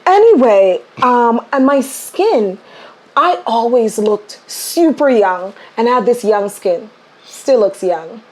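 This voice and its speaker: Female podcast host, a little higher voice, lively and upbeat in conversation. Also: slow pace. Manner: enthusiastic, animated storyteller.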